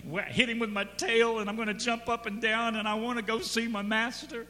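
A preacher putting on a giddy, adoring dog. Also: male voice, very high voice, brisk, big-room sound, a little hiss or hum, voice pushed up. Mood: eager. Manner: gushing, breathless excitement. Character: overjoyed, adoring pet dog.

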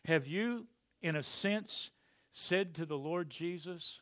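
A male pastor preaching a sermon emphatically, swinging from quiet to loud. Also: on the high side, takes it slowly, no echo.

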